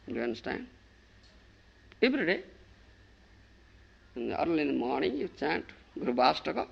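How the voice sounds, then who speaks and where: Emphatic male preacher giving a devotional sermon, gravelly, animated delivery. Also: a little high, normal speed, long pauses, muffled recording. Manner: emphatic, keeps asking if listeners understand. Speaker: spiritual teacher.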